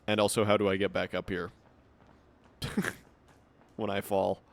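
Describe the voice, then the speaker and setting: A man's voice: lowish voice, little pitch movement, unhurried, gravelly. A man streaming a game, chatting casually and reading in-game notes aloud in a rambling way. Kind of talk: casual gameplay commentary.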